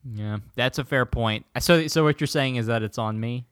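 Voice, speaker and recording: A man bantering on a casual podcast, his voice sitting at an ordinary middle pitch. The recording is dry and close, with no room sound. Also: moderate pace, a bit bright, clear, resonant tone, no echo. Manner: joking, puts on silly impressions. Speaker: podcast co-host.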